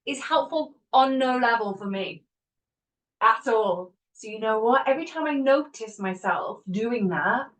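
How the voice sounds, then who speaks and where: A woman hosting a self-help podcast, talking in an animated way, laughing often and acting out her inner voices. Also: a little high, measured pace. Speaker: podcast host. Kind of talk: motivational self-help talk. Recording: voice a bit distant from the mic.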